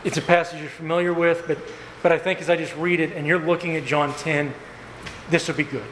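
A man preaching a sermon as pastor, earnest and emphatic, with slow stressed phrases and repetition. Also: on the high side, fairly even intonation, a bit bright. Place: church sanctuary. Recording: echoey hall with faint room noise.

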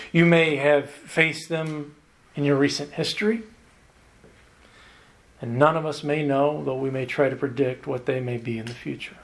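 A man preaching a sermon on a Bible passage, earnest and emphatic, drawing out key words slowly and slipping in light self-deprecating humor. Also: fairly high pitch.

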